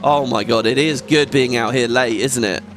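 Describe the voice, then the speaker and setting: A man giving casual gameplay commentary as a let's play host, chatty and excitable, swearing often. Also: mid-range voice, normal speed. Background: game music.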